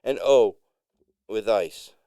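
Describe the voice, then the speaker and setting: A man's voice: lowish voice, takes it slowly, dry recording, pitched above the performer's own voice. Man voicing an eager starstruck woman customer. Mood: insistent. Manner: stammering, excitable questions.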